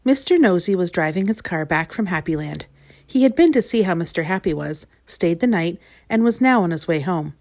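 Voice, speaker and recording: A woman reading a children's storybook aloud in a gentle, expressive way. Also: on the low side, brisk.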